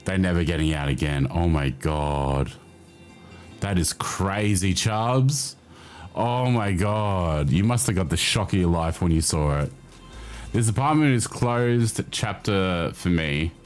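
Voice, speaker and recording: A man with an Australian accent hosting a casual livestream chat, reading his chat aloud, swearing freely and laughing often. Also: deep voice. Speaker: livestream host.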